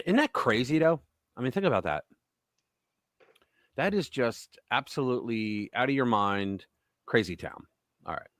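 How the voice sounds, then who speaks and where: A man's voice: mid-range voice, measured pace, pauses often, dry recording. A man hosting a live political commentary stream, talking casually with sarcastic, mocking asides. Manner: animated and sarcastic, mocking voices. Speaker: host.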